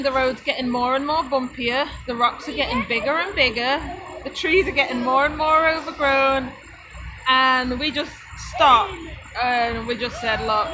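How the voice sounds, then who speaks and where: A woman's voice: sits high, low-quality recording. A woman from Britain hosting a homesteading live stream, telling a road-trip story in a chatty way, laughing often and breaking off to talk to her children. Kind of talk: casual storytelling to viewers.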